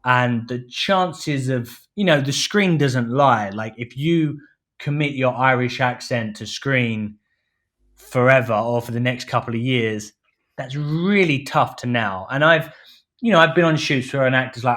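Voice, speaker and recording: A man's voice: medium pitch, a little slow, a bit bright. A man from London, a film director, talking casually as a podcast guest, full of "you know" fillers and acted-out quotes. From London, England. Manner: chatty, many fillers, acts out quoted speech.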